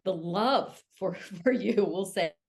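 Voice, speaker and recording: A woman author talking candidly as an interview guest, telling personal stories in an animated way. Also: medium pitch, slow pace. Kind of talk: casual interview chat.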